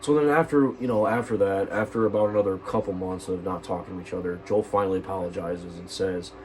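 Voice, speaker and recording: Fired-up teenage guy with a low voice. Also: steady tone, fast, a little mellow, slight background noise, poor audio. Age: teens. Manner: agitated and profane, rambling with restarts. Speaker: streamer. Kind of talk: angry personal rant.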